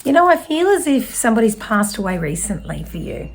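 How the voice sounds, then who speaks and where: A woman from Australia giving spiritual messages as a psychic medium, speaking slowly and gently with soft trailing phrases and small self-corrections. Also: a little high, big pitch swings. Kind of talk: spiritual message reading to camera.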